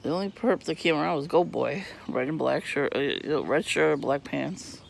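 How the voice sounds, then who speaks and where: Gravelly, cursing man with a cough. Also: fairly high pitch, moderate pace, a little hiss or hum. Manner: profane, irritated and rambling, laughs often. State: coughing and throat-clearing from asthma. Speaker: vlogger. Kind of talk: rambling casual monologue. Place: outdoors on a residential street.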